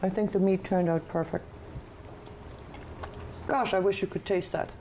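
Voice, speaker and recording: A woman's voice: mid-range voice, fairly even intonation, a little slow, mellow, a little hiss or hum. A woman hosting a TV cooking show, chatting enthusiastically about the food and coaxing her guest to taste it. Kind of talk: casual chat on a TV cooking show.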